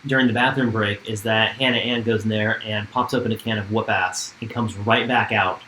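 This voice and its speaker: A man's voice: on the low side, fairly even intonation, a little fast, bright, forceful tone, slight background noise. Man in a roomy-sounding room recapping TV. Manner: storytelling, narrates scenes step by step. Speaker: podcast co-host. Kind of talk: casual recap chat.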